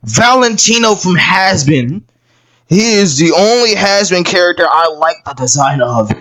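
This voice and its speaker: A video commentator ranting through a show review, breaking into yelled outbursts, stammering repeats and frequent swearing. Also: mid-range voice, expressive, a little slow. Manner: profane and exasperated.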